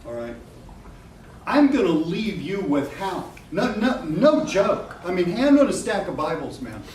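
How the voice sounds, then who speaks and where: Speaking at a measured pace, this middle-aged webinar presenter has a high, sing-song, slightly mellow voice. He talks casually and candidly to a live room, cracking jokes, swearing and laughing a lot. Sound comes from a distance in an echoey space with noise behind it.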